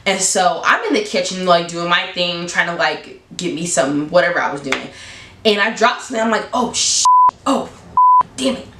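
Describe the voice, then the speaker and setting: A woman vlogger telling a story in a casual, blunt, animated way, leaping up in pitch for emphasis. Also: fairly quick, reverberant, heavy background noise.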